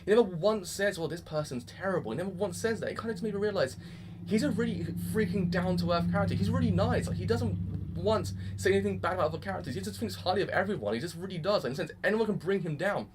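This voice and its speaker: An excitable young man rattles off his thoughts on an anime episode in quick bursts. His voice sits a little high for a man, and he gushes with casual mild swearing throughout. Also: noisy background. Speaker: anime reviewer. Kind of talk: casual reaction commentary.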